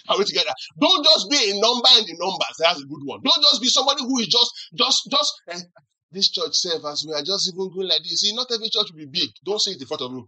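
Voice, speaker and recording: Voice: medium pitch, sing-song, quick pace, hardly any pauses, pushed and bright, rough recording. A pastor preaching a sermon who keeps asking the congregation questions to answer back and teases them with acted-out examples. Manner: teasing humor with acted-out examples.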